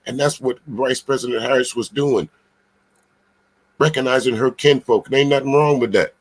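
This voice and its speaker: Speaking with a medium pitch and a steady tone, a man from Charleston, South Carolina, reacts casually to a clip. He's blunt, emphatic, and swears freely, repeatedly stumbling over drawn-out filler sounds between points.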